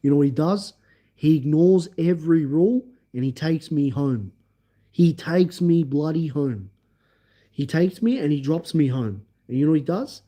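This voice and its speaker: A man hosting a livestream, recounting events in a casual, animated way and acting out each scene. His voice sits a touch high but sounds very dark and mellow. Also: normal speed. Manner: animated, emphatic, acts out scenes. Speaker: livestream host. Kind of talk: casual storytelling.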